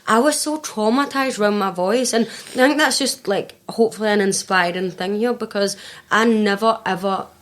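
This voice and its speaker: A woman's voice: mid-range voice, normal speed. A Glaswegian woman, a life and business coach, chatting animatedly on a podcast and laughing often as she tells stories. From Scotland. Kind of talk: casual podcast chat.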